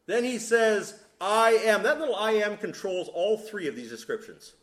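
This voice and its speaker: A man preaching a sermon, emphatic and deliberate, with sudden drops to a soft voice. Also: high-pitched, lively intonation. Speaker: pastor. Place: church sanctuary. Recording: echoey room.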